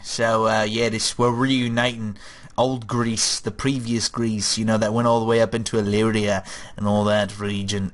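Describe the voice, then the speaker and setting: A man's voice: fairly low pitch, flat delivery, moderate pace. A young man giving casual, rambling gameplay commentary, chatty and jokey.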